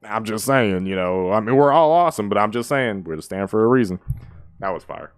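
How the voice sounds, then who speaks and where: Man, music reaction host, casual, excitable, slangy, very low voice, dry sound. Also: fairly quick, no room sound. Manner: excitable, laughs often, slangy, acts out quotes.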